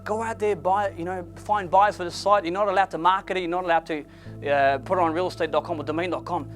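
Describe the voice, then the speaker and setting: A high-voiced man, not a native English speaker, gives a motivational storytelling talk at a fairly quick pace over soft background music. He swings from loud and excited to low and quiet, speaking bluntly and swearing now and then.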